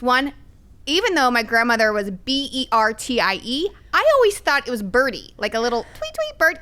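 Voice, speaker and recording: A middle-aged woman speaks candidly on a podcast, animated and emphatic as she tells her stories. Her voice sits fairly high and comes across smooth and clear. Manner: lively, animated, emphatic storytelling. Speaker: podcast guest. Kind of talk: candid conversational storytelling.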